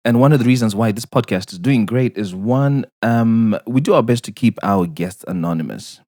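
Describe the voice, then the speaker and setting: Man, podcast host, fairly low voice, lively swinging pitch, playful, teasing, laughs a lot. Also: moderate pace, no room sound, clean studio sound. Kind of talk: casual interview chat.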